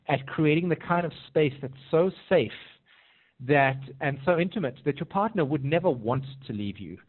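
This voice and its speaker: A man working as a relationship coach, answering viewer questions in a live Q&A and telling stories with lively quoted voices. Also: medium pitch. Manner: animated storytelling with sing-song quoted voices. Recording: tinny phone-like audio.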